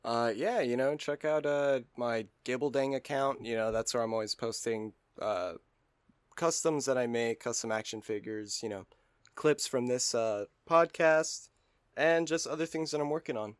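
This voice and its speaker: A man's voice: medium pitch, moderate pace, clean tone, no room sound. A man co-hosting a podcast in casual chat, laid-back and jokey with casual swearing. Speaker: podcast co-host.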